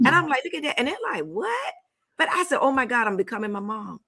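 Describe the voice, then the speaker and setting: A woman's voice: a little high, expressive, racing, pushed and bright. A woman hosting a casual talk show, chatty and playful as she runs a party game for her guests. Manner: chatty and playful, with folksy phrasing.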